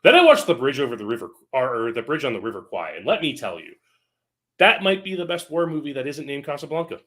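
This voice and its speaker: A man's voice: medium pitch, sing-song, fast, fairly bright tone. A man co-hosting a casual film podcast, gushing with enthusiasm and leaning on fillers like "like.". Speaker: podcast co-host. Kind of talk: casual chat.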